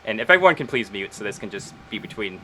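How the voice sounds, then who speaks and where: A man calmly narrating a tabletop role-playing game as game master. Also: lowish voice, fast talker. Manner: calm, steady narration in second person.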